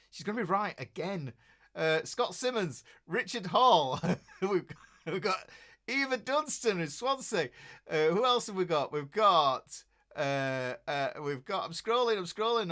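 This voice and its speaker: A man's voice: a little high, sharp tone. Chatty middle-aged Yorkshire man. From Yorkshire, England. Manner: jokey, chatty and rambling, greeting viewers by name. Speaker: guitar teacher hosting a livestream. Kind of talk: casual livestream chat.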